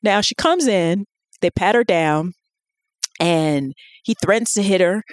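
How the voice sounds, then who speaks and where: A woman co-hosting a podcast in casual chat, telling stories in an animated way with laughs. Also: fairly low pitch, measured pace, dry recording. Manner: animated storytelling with laughs and acted quotes. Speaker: podcast co-host.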